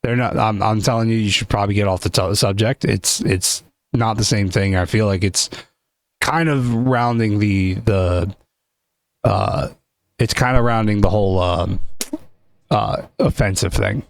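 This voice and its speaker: A man's voice: lowish voice, unhurried, vocal fry, no echo, voice pushed down. A man voicing a flustered, defensive male turkey guest on a comedy talk show, stammering and hesitant. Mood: insistent. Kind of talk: improvised cartoon character chat.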